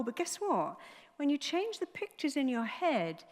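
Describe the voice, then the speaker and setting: A woman therapist giving an animated motivational stage talk, emphatic and fond of acting out dialogue. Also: high-pitched, measured pace. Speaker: therapist and speaker. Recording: reverberant hall.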